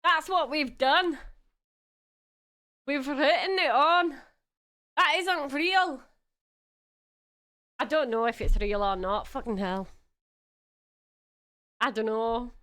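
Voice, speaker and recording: Excitable woman, high and bright, fake Scottish accent, swears a lot. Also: slow pace, long pauses, clear, resonant tone. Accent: put-on Scottish. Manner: excitable, swears freely, laughs often. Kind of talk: casual live-stream chat.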